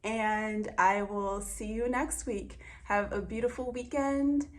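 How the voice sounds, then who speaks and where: A young woman talking casually and earnestly to camera as a wellness vlogger, guiding breathing and speaking with gentle heartfelt warmth. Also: mid-range voice, steady tone, slow. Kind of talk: casual guided breathing talk.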